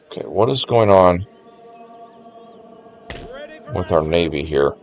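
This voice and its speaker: Low-voiced man musing through a strategy game. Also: expressive, takes it slowly. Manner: thinks aloud, musing to chat. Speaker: game streamer. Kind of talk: casual gameplay commentary. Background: faint game music.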